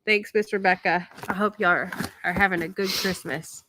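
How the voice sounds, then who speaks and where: A woman's voice: mid-range voice, steady tone, normal speed, sharp tone, a little hiss or hum. A woman, hosting a casual chat, bubbly and giggly as she reads fan letters aloud. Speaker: host opening fan mail.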